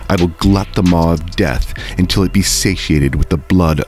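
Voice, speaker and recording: A man's voice: deep voice, moderate pace, darkish tone, faint music behind, lightly acted. A man reading as an anguished, eloquent monster. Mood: pleading. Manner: solemn, formal pleading speech. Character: anguished, eloquent male monster pleading with his maker. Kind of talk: book reading.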